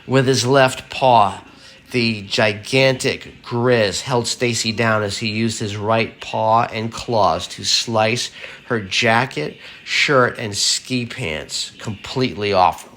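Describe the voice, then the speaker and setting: A man's voice: lowish voice, takes it slowly, fairly bright tone. A man reading a horror story aloud in a plain voice, with casual asides and fillers. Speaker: reader.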